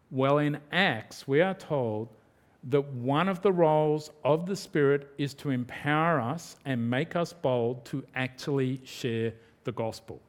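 In a relaxed, conversational sermon, a pastor keeps slipping into little acted-out quotes. His voice is a bit higher than most men's.

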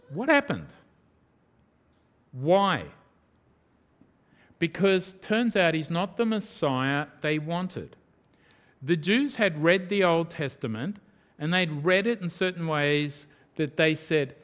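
A middle-aged man preaches with a voice pitched a little higher than most men's. He drives points home with emphatic swings, rising sharply and then dropping to near quiet. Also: animated, takes it slowly, big-room sound. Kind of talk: sermon.

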